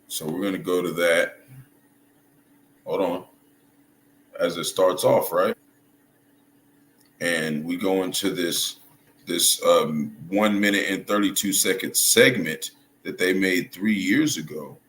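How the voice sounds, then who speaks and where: Low-voiced male commentator, stop-start and casual, recorded in a reverberant room with a light noise floor. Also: a bit bright. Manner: halting, restarts and hunts for words, checks in with "right?" and "you see?". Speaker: religious commentator. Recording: echoey room with faint noise.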